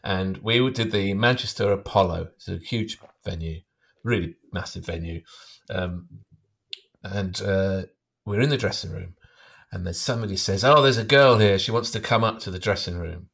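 A man's voice: low-pitched, normal speed, gravelly, fairly bright tone, husky. A middle-aged man who is a comedian hosting, chatting casually with wry, dry quips. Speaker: comedian host. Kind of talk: casual chat.

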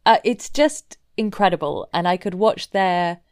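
A woman co-hosting a podcast in casual chat, talking quickly and with amused animation. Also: fairly low pitch, smooth, dry recording, clean studio sound. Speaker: podcast co-host.

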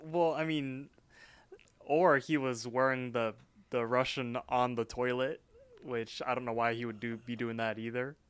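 A man's voice: medium pitch, steady tone, unhurried, clear, resonant tone, dry recording. A man co-hosting a podcast, retelling an episode in rambling casual chat with lots of fillers. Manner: rambling, filler-heavy narration. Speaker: podcast co-host.

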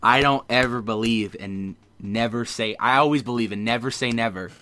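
A man hosting a podcast, earnest and halting, with many fillers. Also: mid-range voice, sharp tone. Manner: earnest, hesitant, lots of fillers. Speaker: podcast host. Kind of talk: casual podcast interview.

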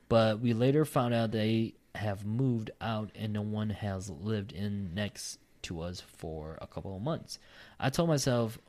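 Low-voiced man reading stories, swearing. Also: darkish tone. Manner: profane, laughing asides between read lines. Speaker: podcast host reading listener stories. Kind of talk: casual podcast chat, reading aloud.

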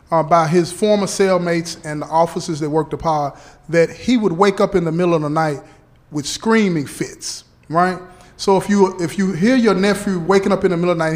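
A man playing a parole officer who explains things slowly and deliberately, checking in often with "okay?" and "right?". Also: a little high, close to an everyday voice. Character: patient male parole officer briefing a relative.

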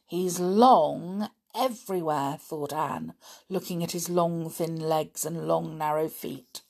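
A woman narrating a children's storybook in an expressive, lively way. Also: deep voice, slow, gravelly. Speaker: audiobook narrator.

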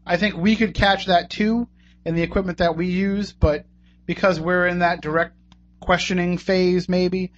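A man's voice: high-pitched, steady tone, moderate pace. A man hosting a radio talk show in a casual, joking, conversational way. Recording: dull lo-fi radio recording.

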